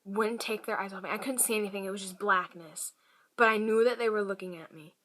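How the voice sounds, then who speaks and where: Speaking to camera, a woman vlogger shares a personal story in a mid-range voice, halting and hushed, often slipping into a whisper. She uses many fillers and restarts.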